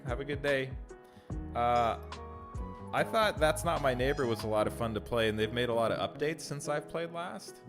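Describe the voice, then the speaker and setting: A man streaming from home in a casual chat, reading out viewer messages and answering them with easy laughs. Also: medium pitch. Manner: chatty, reads chat aloud and answers viewers; laughs easily between phrases. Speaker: streamer and content creator.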